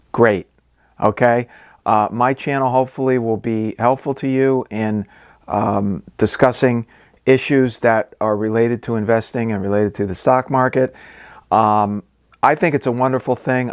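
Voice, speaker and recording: A man's voice: mid-range voice, no echo, clean studio sound. A man hosting an investing channel, explaining stock basics in casual talk full of ums, okays and restarts. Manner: conversational, many ums and okays.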